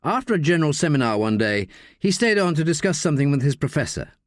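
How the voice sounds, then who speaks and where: A man narrating an audiobook with an expressive, varied delivery on a close studio mic. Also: a little high, fast talker, dry recording.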